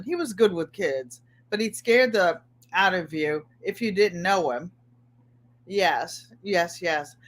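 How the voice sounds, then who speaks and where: A middle-aged woman hosting a casual livestream, greeting viewers by name and chatting about her week, often repeating her phrases. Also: medium pitch. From Connecticut. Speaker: livestream host.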